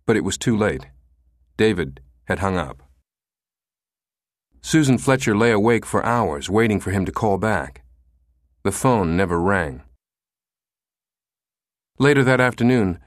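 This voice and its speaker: A man reading a novel aloud as an audiobook narrator, expressive and shifting his voice for each character. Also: lowish voice, no room sound, clean studio sound.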